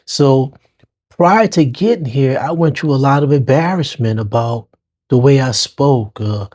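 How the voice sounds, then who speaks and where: A man from New Orleans' Lower Ninth Ward hosts a podcast, telling his personal story in an unhurried, medium-pitched, slightly mellow voice. He keeps it casual with street-slang phrasing and addresses listeners as y'all.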